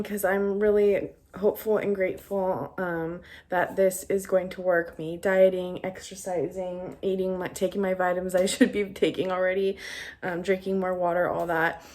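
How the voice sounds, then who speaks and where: A young woman vlogging to camera in a relaxed chat full of fillers. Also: fairly low pitch. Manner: chatty, many fillers. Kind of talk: casual talk to camera.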